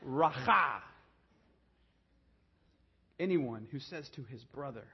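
A man preaching a sermon, swinging from hushed, low emphasis to raised, urgent delivery. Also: lively intonation, normal speed, breathy edge, lo-fi sound. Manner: dynamic preaching, drops to a hushed low voice then rises. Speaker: pastor.

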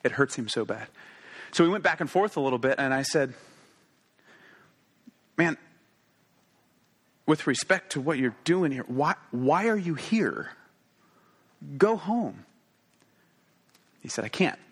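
A man in his thirties delivers a sermon shaped like a story, shifting from rapid, chatty asides to slow, weighty pauses. His voice sits on the high side, animated and a little rough.

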